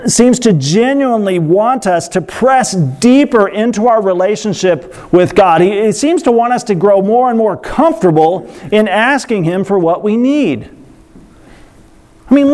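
A man preaching a sermon in a lively, conversational way, acting out quotes with playful voices. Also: high-pitched, unhurried. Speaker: pastor.

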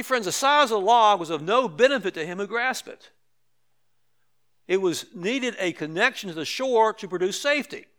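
A man's voice: high-pitched, bright, forceful tone. An older man preaching a sermon as pastor, conversational with emphatic repetitions and light asides to the congregation.

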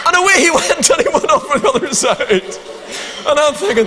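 A man with a Northern Irish accent, a pastor telling a funny story to a congregation in an animated, joking way. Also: extremely high pitch, fast talker, big-room sound. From Northern Ireland. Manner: animated, humorous anecdote with asides to the crowd. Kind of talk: sermon storytelling.

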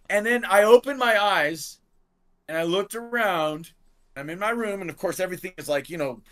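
A man in casual talk show conversation telling a long story, acting out quotes loudly, swearing freely and saying "like" often. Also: sits high. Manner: animated, acts out quotes in raised voice. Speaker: podcast guest.

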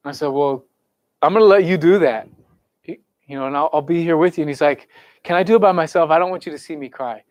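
A man's voice: fairly high pitch, fast, darkish tone, no room sound. A young man telling a conversion story in a sermon to students and counselors, earnest and conversational, then leading a prayer. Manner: earnest, conversational, quotes people casually. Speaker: camp speaker.

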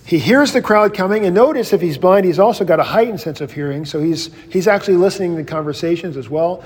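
Male pastor, slightly high voice, casual animated Bible study teacher, long room reverb. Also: fast talker, husky. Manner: casual, animated storytelling with acted quotes.

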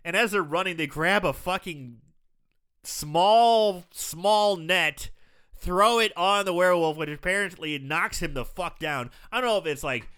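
A man casually recapping a film on a podcast, acting out scenes with quick impressions, swearing and laughing as he goes. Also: sits high, smooth. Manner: animated storyteller, acts out scenes, swears, laughs often. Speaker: podcast co-host. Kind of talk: casual movie recap chat.

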